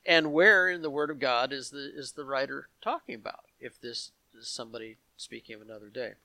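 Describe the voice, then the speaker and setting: A man's voice: medium pitch, fairly quick, vocal fry, sharp tone, no echo. Man giving a Bible teaching, dry sound. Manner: explanatory, reads passages aloud with asides to the congregation.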